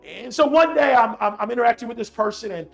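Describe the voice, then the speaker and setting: A man with a high, gravelly voice gives a motivational talk, building points through repetition and speaking directly to the listeners. His delivery is animated, and faint music plays behind him. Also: fast talker. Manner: animated, repetitive, talks straight to the audience. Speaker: motivational speaker on emotional intelligence. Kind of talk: motivational talk with personal story.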